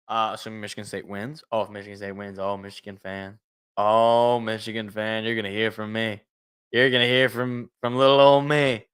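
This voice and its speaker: A man's voice: medium pitch, sharp tone, clean tone. A man hosting a sports talk show, opinionated and rattling off game picks, his voice worn after a long show. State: tired, voice worn. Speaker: sports podcast host.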